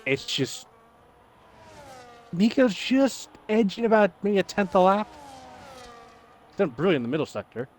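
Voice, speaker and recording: A slightly higher-voiced man talking through a live sim race as co-commentator, casual and quick to laugh. His pitch jumps around animatedly. A faint hiss of noise sits behind him. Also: sing-song. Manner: casual, laughs easily, analytical.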